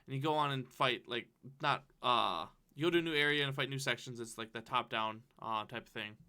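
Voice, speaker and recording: A man's voice: mid-range voice, fairly quick, bright, forceful tone, clear, resonant tone. A man co-hosting a casual podcast, rambling with lots of fillers and frequent laughs. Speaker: podcast co-host. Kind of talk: casual chat.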